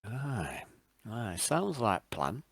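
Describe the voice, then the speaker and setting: A man's voice: on the low side, sing-song, very slow, vocal fry, no echo, studio quality, voice pushed down, exaggerated voice. A man playing a simple, wary prisoner who follows his brother's plans, speaking in a Yorkshire accent and hesitating often. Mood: agreeable. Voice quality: hesitant, stammering. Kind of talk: tabletop role-play in character.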